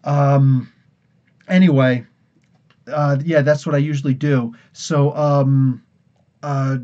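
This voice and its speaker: A man's voice: mid-range voice, flat delivery, slow, mellow, muffled recording. A man from New Jersey hosting a casual comics podcast livestream, tired and rambling, laughing often. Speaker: podcast host.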